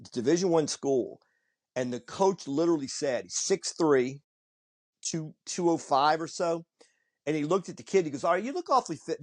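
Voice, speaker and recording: A man hosting a podcast, telling coaching stories in a casual, animated way and acting out the people he quotes. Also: medium pitch. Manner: animated storyteller who acts out quoted people. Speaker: podcast host and hitting coach. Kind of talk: casual storytelling chat.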